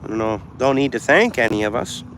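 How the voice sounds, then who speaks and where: A man's voice: mid-range voice, lively intonation, fairly quick, a bit bright, slight background noise. A man livestreaming from a pond while fishing, chatting casually and answering his live chat. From Canada. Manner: chatty, talks back to live chat comments. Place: outdoors by a pond near traffic.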